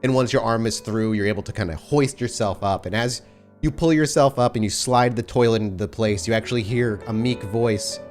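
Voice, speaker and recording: A man's voice: on the low side, fairly quick, a little mellow, soft background music. Man narrating a tabletop game. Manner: descriptive, second-person scene narration. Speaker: game master.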